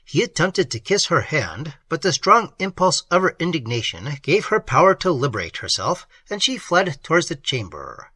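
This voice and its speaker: Male novel reader, bright husky voice, very lively delivery, dry close sound. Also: fairly high pitch, normal speed, hardly any pauses, no room sound. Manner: expressive, dramatic reading. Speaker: audiobook narrator. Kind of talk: gothic novel reading.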